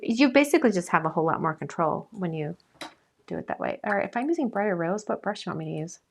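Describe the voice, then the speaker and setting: A woman's voice: on the low side, lively intonation, quick pace, a little hiss or hum. A woman hosting a live crafting demonstration, chatting upbeat and narrating what her hands are doing, with the hiccups. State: has the hiccups. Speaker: crafting host.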